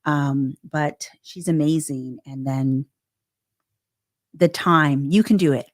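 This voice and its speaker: A woman co-hosting a podcast in casual chat, animated and emphatic, swinging between loud bursts and hushed asides. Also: deep voice, slow. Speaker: podcast co-host.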